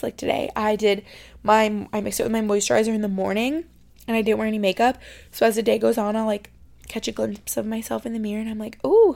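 A young woman from New York State chatting casually as a podcast host, full of "like" fillers and sometimes dropping into soft, whispery asides. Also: a little high, creaky. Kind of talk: casual chat. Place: her bedroom.

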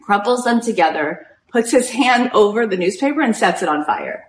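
A woman spiritual coach giving an inspirational storytelling talk, animated and full of "like" fillers. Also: on the high side, normal speed. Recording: roomy echo.

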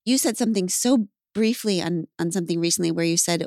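A woman's voice: fairly low pitch, fast, hardly any pauses, a little mellow, no echo, clean studio sound. A woman hosting a podcast, candid and casual, who swears lightly and laughs easily. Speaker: podcast host. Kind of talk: podcast conversation.

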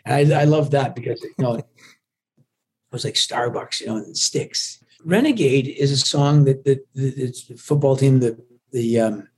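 Middle-aged guy born in scotland, friendly rambly interview guest, husky mellow voice. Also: medium pitch, normal speed. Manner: friendly, rambling with many restarts. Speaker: musician guest. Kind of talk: casual interview chat.

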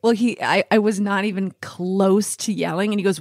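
A woman's voice: medium pitch, normal speed, no echo, studio quality. A woman joining a podcast chat, telling stories with a laughing, teasing manner. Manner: laughing, teasing, animated storytelling. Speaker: guest partner. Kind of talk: casual chat.

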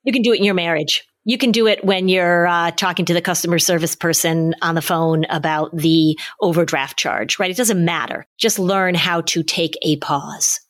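A middle-aged woman co-hosting a parenting podcast, giving calm, instructive advice in a casual chat. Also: fairly low pitch, normal speed, hardly any pauses. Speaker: parenting podcast co-host, parenting expert.

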